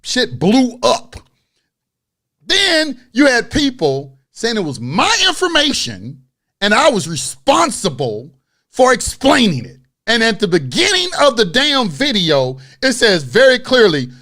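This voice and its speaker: A man hosts his own video, speaking straight to his camera in blunt, profanity-laced street talk. His voice sits high and leaps around constantly. He tells a story, then rants with mounting exasperation. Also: wildly swooping pitch, measured pace, sharp tone. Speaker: online video host. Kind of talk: unscripted rant to camera.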